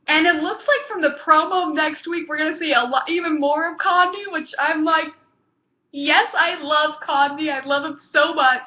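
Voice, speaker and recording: A young woman with a high voice gushes through a casual TV episode review, her talk packed with fillers and excited exclamations. The sound is dull and lo-fi, with a noticeable room echo. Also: measured pace. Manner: gushing, excitable, lots of fillers.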